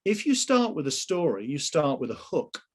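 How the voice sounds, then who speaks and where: A man's voice: fairly high pitch, very animated, moderate pace, slightly rough. A man running a live online sales training session over a video call, emphatic and full of rhetorical questions.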